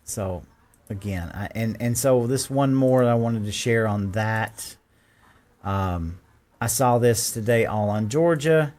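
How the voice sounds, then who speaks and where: A man's voice: on the low side, takes it slowly, a little mellow. Male host, sarcastic casual commentary with frequent amused laughs. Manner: sarcastic, laughs while reading quotes aloud.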